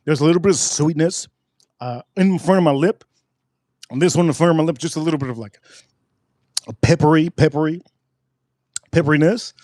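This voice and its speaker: Excitable man with a light, dry voice. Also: a little high, a little fast, pauses often, dry recording. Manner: excitable, repeats himself for emphasis. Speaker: spirits reviewer host. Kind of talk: casual live tasting review.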